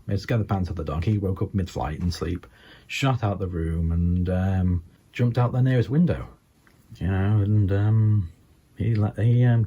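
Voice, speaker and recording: Low, husky Scouse man telling deadpan jokes. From England. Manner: halting, full of ums and you-knows. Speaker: stand-up comedian. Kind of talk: deadpan stand-up storytelling.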